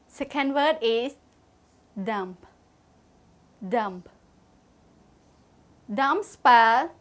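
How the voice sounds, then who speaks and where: Very slow-speaking woman teaching vocabulary. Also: a little high, animated. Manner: spells words letter by letter and repeats each word. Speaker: English teacher. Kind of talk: slow vocabulary lesson with spelling and repetition.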